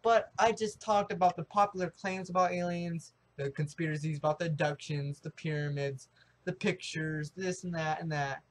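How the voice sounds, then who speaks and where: Young American guy, high voice, excitable and rambling, casual vlog talk. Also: normal speed. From United States. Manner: rambling, excitable, with many restarts and fillers. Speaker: vlogger.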